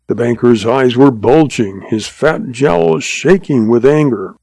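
A man narrating a story in an even, measured reading. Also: medium pitch, creaky, breathy edge, no room sound.

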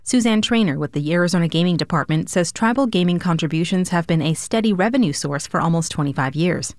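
A woman anchoring a radio newscast, reading scripted news items in a clear, measured way. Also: lowish voice, animated, darkish tone, no room sound, studio quality.

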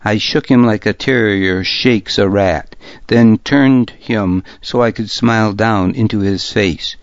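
A man narrating a story in the first person, measured and even. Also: on the low side, dry recording, highs cut off. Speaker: audiobook narrator.

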